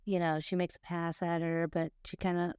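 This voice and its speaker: A woman's voice: lowish voice, level tone, moderate pace, a little mellow, smooth, no room sound, studio quality. A woman co-hosting a podcast, talking reflectively and with empathy, voicing imagined reactions in casual chat. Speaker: podcast co-host.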